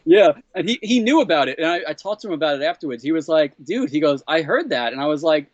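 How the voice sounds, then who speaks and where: A man being interviewed as a comedy writer, retelling a story with plenty of energy. He jumps up into a higher voice to act out what other people said, laughs along as he goes, and keeps saying "what the hell". The sound is dry and a bit dull and lo-fi. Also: fast talker, hardly any pauses, no room sound. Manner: animated, acts out quoted exchanges in a higher voice.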